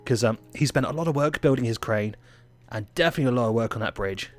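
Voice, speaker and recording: A man's voice: mid-range voice, quick pace. A man from England with an English accent, giving chatty, playful gameplay commentary with self-mocking asides. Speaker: gaming channel host.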